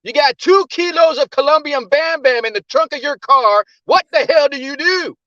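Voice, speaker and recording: A man's voice: extremely high pitch, moderate pace, pushed and bright, no echo, muffled recording. A man calling in to a fan podcast panel, making his point through emphatic rhetorical questions. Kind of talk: casual fan debate.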